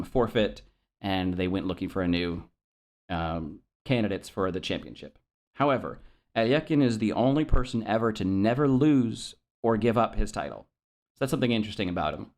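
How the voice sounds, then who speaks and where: Low-voiced man teaching chess casually. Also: normal speed, a little mellow. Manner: hesitant, many ums and self-corrections; self-deprecating about pronunciation. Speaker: chess instructor.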